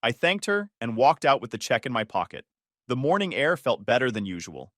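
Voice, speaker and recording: A man narrating a first-person story in a calm, measured, matter-of-fact way. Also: mid-range voice, no room sound, studio quality.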